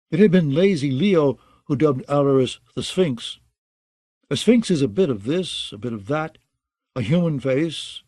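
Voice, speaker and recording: A man narrating a fantasy audiobook in a steady, even reading style. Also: mid-range voice, no echo.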